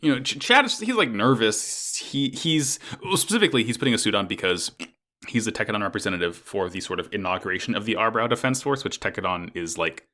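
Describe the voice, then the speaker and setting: A man co-hosting a casual anime recap podcast, talking in a lively way, swearing casually and laughing easily. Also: lowish voice, quick pace. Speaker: podcast co-host.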